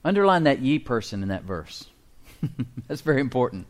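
Middle-aged male pastor, mid-pitched voice, call-and-response preacher, slows right down to read scripture. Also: big pitch swings. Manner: call-and-response preaching, leads congregation in repeating lines; chuckles between points, reads scripture slowly and emphatically. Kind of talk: sermon.

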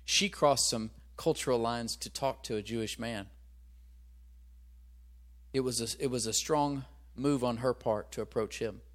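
A man delivers a sermon in an easygoing, conversational tone, speaking at a middle pitch for a man. He keeps turning to his listeners with rhetorical questions. When a reference slips his mind he hunts for it out loud and starts his sentence over. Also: measured pace. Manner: searches aloud for references, restarts. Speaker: pastor.

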